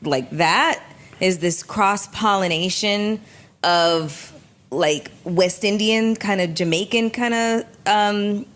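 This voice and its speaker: A woman's voice: medium pitch, slow pace, a bit bright. A woman guest on a podcast, explaining in a casual, slightly flustered way.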